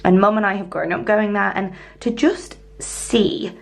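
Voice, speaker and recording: A young woman vlogging casually from a hotel room, gushing and excitable with soft whispered asides, her voice going hoarse. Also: mid-range voice, a little slow. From northern England. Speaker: lifestyle vlogger. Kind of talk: casual vlog chat.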